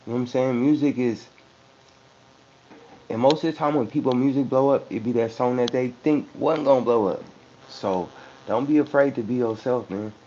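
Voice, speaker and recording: A man's voice: medium pitch, warm tone. A man who raps, talking loosely and profanely in a casual interview, with frequent restarts. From San Francisco Bay Area. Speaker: rapper. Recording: muffled lo-fi recording with faint hum.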